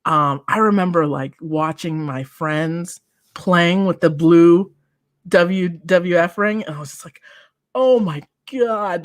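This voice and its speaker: A woman in her forties tells stories at an unhurried pace on a podcast, her voice dry and close to the mic. She acts out quotes with lively energy and laughs often. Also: lowish voice, no echo. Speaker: podcast co-host. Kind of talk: casual chat.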